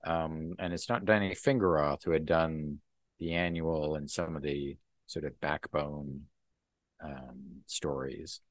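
A man co-hosting a podcast, casually recapping a comic book in a rambling, relaxed way. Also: extremely low pitch, slow. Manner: relaxed, rambling, full of ums and laughs. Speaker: podcast co-host.

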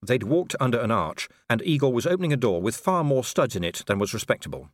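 A man narrating a novel in a wry, expressive reading style. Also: medium pitch, quick pace, no room sound, clean studio sound. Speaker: audiobook narrator. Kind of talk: scripted narration.

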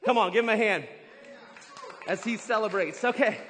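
A man preaches with high energy and keeps urging the congregation to join in. His voice sits high. He is heard in a large church hall with a long reverb. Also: normal speed, a little hiss or hum. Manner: energetic, hypes up the crowd. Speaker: pastor. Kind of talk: sermon with audience participation.

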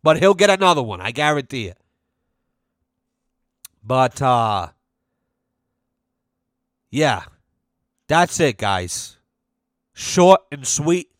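Tired american guy ranting on his podcast, lots of swearing, smooth voice, dry room. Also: mid-range voice, big pitch swings, slow pace, pauses often, dry recording. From United States. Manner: rambling, profane, loose and jokey. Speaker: podcast host. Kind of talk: casual solo podcast rant.

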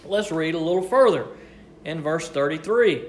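A man leading a Bible study, reading verses and explaining them in a conversational, expressive way. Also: fairly high pitch, moderate pace. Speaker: Bible teacher. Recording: echoey room, faint noise.

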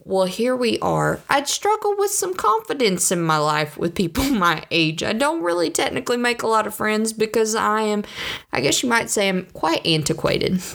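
A woman's voice: fairly high pitch, very animated, moderate pace, vocal fry, a bit bright. A woman in her thirties talking casually to camera, rambling and self-deprecating about herself. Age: 30s. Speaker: vlogger. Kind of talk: casual monologue.

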